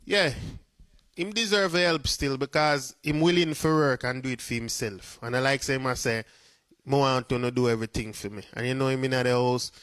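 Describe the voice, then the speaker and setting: A man's voice: mid-range voice, steady tone, normal speed, a bit bright, clear, resonant tone, dry recording. A man with a Jamaican accent giving casual commentary, talking in a chatty way and dropping into patois. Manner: chatty patois, frequent "you see me". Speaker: vlogger.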